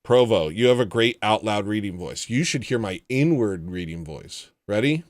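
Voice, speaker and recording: A man hosts a livestream, reading viewer comments in casual chat and dropping dry, sardonic asides. His voice is fairly low and animated, at a moderate pace with hardly any pauses, and there's no echo.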